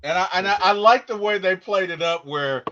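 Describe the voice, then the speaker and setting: A man co-hosting a casual movie discussion, telling stories with animated energy and acting out quotes. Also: sits high, fairly quick, lo-fi sound, a little hiss or hum. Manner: animated storyteller, acts out quotes. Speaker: podcast co-host.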